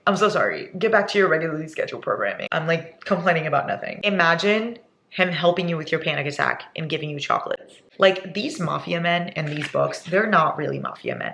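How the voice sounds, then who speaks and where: A woman's voice: sits low, gravelly, fairly bright tone. Chatty, dramatic young woman vlogger. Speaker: book vlogger. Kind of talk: casual reading vlog. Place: indoors at home.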